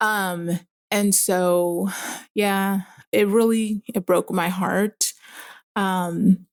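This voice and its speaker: A woman's voice: medium pitch, steady tone, extremely slow, dry recording, clean studio sound. A young woman, a mother, speaking candidly in casual conversation with many fillers. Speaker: guest.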